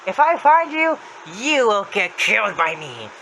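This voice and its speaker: A man voicing a cheerful but menacing male apple mascot killer, in high, drawn-out sing-song threats. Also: big pitch swings, sharp tone, a little hiss or hum, full character voice, rough recording. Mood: gleeful taunting.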